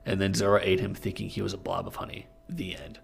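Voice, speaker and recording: A young man with a low, gravelly voice reads fan fiction aloud for a comedy podcast. He stumbles over the text and breaks into laughter often, speaking into a studio mic with a pop filter. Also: level tone, quick pace.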